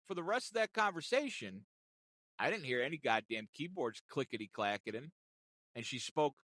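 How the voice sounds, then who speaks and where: A man's voice: on the high side, big pitch swings, moderate pace, a bit bright, no echo. A man telling a storytime rant in a heated, profane way, reliving a customer-service call. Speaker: content creator. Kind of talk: ranting storytime.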